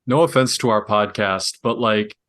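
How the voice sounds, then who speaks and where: Young man, podcast co-host, wry deadpan humor, casual talk. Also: fairly low pitch, moderate pace. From Wisconsin, US.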